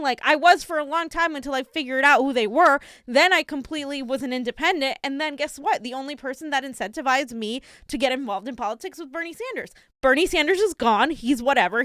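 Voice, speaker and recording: A woman's voice: high voice, a bit bright, no room sound, clean studio sound. A woman co-hosting a casual political chat show, fired-up and indignant, ranting with many restarts. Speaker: co-host.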